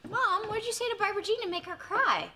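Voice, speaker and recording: Brisk sitcom daughter, high voice. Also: female voice, lively intonation, sharp tone, a little hiss or hum. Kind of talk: sitcom acting.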